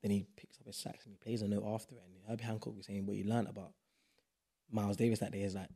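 This young man from South East London has a London accent and a fairly low, slightly breathy voice, and he talks fast. He's a podcast guest chatting casually, sounding animated, emphatic and full of slang.

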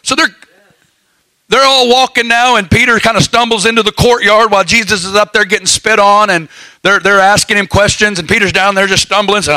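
A man preaching a sermon, telling stories in a folksy way with lively asides. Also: high-pitched, fast talker, no echo, rough recording.

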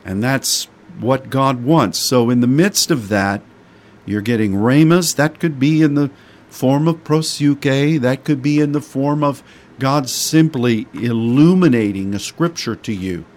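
Slow folksy male preacher. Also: medium pitch, a little mellow. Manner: folksy, with homespun sayings. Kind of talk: sermon.

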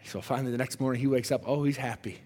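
A man preaching a sermon, retelling a Bible story in an animated, dramatic way. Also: medium pitch, racing. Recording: echoey hall reverb.

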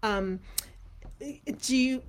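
A woman's voice: fairly high pitch, drawn-out words. A woman co-hosting an interview, enthusiastic and searching for words. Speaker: podcast co-host. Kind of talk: casual interview questions.

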